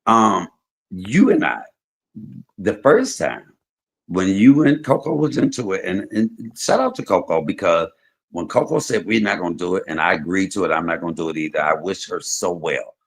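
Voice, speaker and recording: A man hosting a livestream, telling stories in casual chat, swinging between loud and soft. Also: low voice, animated, normal speed, creaky. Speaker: livestream host.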